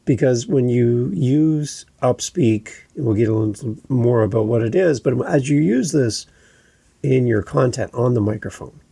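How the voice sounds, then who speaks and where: Canadian guy with a canadian accent, husky mellow voice, earnest podcast coach talking, restarts a lot. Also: mid-range voice, measured pace, no echo. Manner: earnest, explanatory, with frequent restarts. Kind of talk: podcast monologue.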